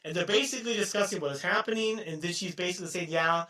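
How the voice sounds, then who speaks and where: A man with a rather high, bright and forceful voice chats casually as a podcast co-host. He rambles through a film plot, swears freely and keeps ending phrases with a questioning "no?". His voice sounds a bit distant from the microphone. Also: racing. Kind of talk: casual chat retelling a film. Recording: voice distant from the mic.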